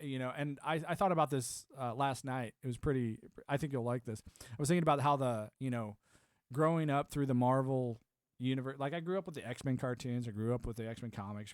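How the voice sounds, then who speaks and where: A man's voice: mid-range voice, dry recording, studio quality. A man in his thirties chatting casually on a live stream, rambling and laughing often.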